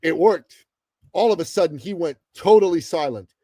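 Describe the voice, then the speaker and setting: Emphatic storytelling man, dark dry voice. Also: fairly high pitch, animated, dry recording. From Middle East. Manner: emphatic, addresses the host often, dramatic pauses. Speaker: guest. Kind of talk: animated storytelling in a podcast interview.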